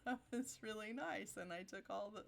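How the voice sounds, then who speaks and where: A woman's voice: mid-range voice, moderate pace, vocal fry, a little hiss or hum. A woman streaming a video game playthrough, commenting playfully and giggling.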